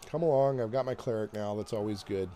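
Low-voiced man casually playing a game. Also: fast talker, slight background noise. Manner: relaxed, thinking aloud, reads game text. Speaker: gameplay host. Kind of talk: casual gameplay commentary.

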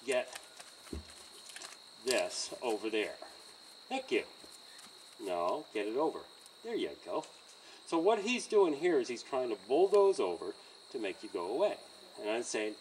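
A man teaching horse handling outdoors by a trailer, in a calm coaching manner with frequent okays and chuckles. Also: medium pitch, measured pace, pauses often, recorded from a distance, a little hiss or hum, low-quality recording. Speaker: horse trainer. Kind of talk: hands-on training demonstration.

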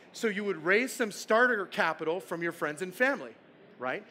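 A man with a bright, high voice gives a storytelling keynote from a conference stage. He is playful and keeps checking in with the audience through rhetorical questions. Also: expressive, normal speed, a little hiss or hum. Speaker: conference speaker.

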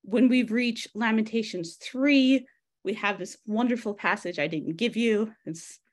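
A woman's voice: on the high side, measured pace. Woman, teacher, text study, conversational, restarts, video call. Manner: conversational, thinks aloud with many restarts; addresses participants by name. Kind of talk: casual teaching, reading and discussing a text.

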